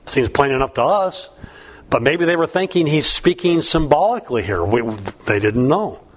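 A man's voice: fairly high pitch, sing-song, moderate pace, slight background noise. A man preaching a sermon, reading scripture and breaking into folksy, conversational asides. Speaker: pastor.

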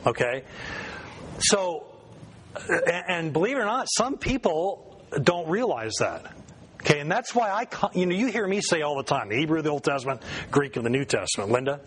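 A man's voice: on the high side, animated, normal speed, a bit bright. Conversational man leading a Bible class. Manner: conversational, questions the group, self-correcting. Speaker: Bible study teacher. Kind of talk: informal Bible class teaching.

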